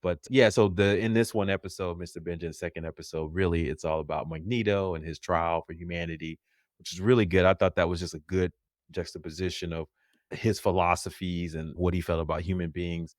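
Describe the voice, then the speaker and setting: A man co-hosting a casual pop culture podcast, animated and quick to laugh. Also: deep voice, no echo, clean studio sound. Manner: animated, laughs often, jumps into silly voices. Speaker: podcast co-host.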